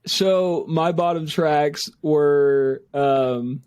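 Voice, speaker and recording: A man's voice: fairly high pitch, drawn-out words, a little mellow, smooth, no room sound, studio quality. A young man co-hosting a music review podcast, chatting casually with lots of fillers, swearing and laughter. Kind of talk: casual chat.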